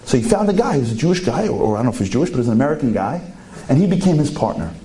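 A man telling a story in a sermon, animated and full of rhetorical questions. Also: mid-range voice, racing.

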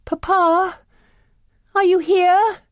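A woman's voice: on the high side, big pitch swings, normal speed, a little mellow, no room sound, clean studio sound, voice pushed up. A woman voicing a brave, kind young woman in a storybook reading, pleading earnestly in a raised voice.

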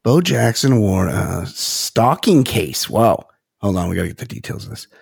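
A man's voice: lowish voice, lively intonation, moderate pace, creaky, breathy edge, no room sound, clean studio sound. A man co-hosting a comedy podcast, trading crude, wisecracking asides in casual banter. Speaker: podcast co-host.

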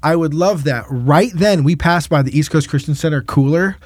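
A man, a pastor, telling a faith story in casual podcast talk, acting out the quotes with lively energy. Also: on the high side, moderate pace, no echo. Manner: animated preaching storyteller, acts out quotes.

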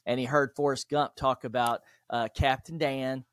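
A man of middling pitch tells animated stories as a podcast guest, slipping into the voices of the people in them. The recording is dry and close, with no room sound. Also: normal speed, no room sound. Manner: animated, acts out dialogue in stories. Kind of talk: interview storytelling.

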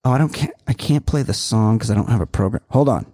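A man hosts a comedy podcast and tells long, profane stories in a rambling way. His tone is dark and slightly husky, and his pitch swings widely. The sound is dry and close. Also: expressive, fast talker, dry recording. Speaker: podcast host. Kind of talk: casual comedy chat.

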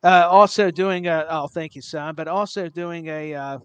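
A man's voice: on the high side, steady tone, normal speed, clear, resonant tone, highs cut off. Chatty self-mocking male podcast co-host. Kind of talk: casual chat.

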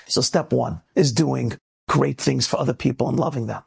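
Rabbi, male, gravelly and husky, animated storyteller who builds to emphatic calls. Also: sits high, fast. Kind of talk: inspirational talk.

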